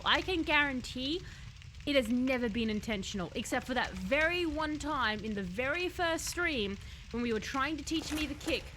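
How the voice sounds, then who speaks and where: Brief: high-pitched woman game streamer, chatty and excitable, noisy mic. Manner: chatty, reads chat aloud, bursts into excited shouts. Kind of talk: casual live-stream gameplay chat.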